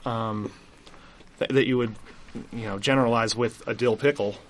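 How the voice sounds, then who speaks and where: A man, a chef guest on a radio show, calmly explaining how a dish is made, with plenty of fillers. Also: mid-range voice, a little hiss or hum. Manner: unhurried, walks through steps with fillers. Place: radio studio.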